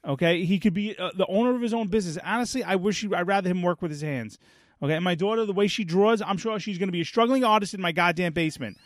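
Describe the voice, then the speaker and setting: A man co-hosting a relaxed podcast chat, his voice sitting a little high. He retells family moments and acts out the people in them. The sound is dry and close, with no room around it. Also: quick pace, dry recording. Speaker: podcast co-host. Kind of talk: casual chat.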